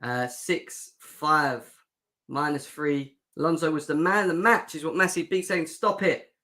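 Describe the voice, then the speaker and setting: A man's voice: on the high side, unhurried, bright, forceful tone. Young male livestream host; casual, sarcastic, banters with the chat. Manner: sarcastic, joking, reads out chat comments. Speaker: fan show host. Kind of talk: livestream football reaction chat.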